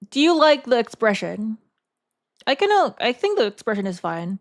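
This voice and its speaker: Her voice is fairly high with big swings in pitch as this woman streamer talks casually to her live chat. She thinks aloud haltingly, often repeating her words.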